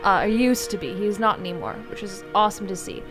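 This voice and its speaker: Woman, co-host, animated anecdote-teller, mid-range voice, faint music underneath. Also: medium pitch, quick pace. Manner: animated storyteller, acts out quotes. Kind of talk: casual chat.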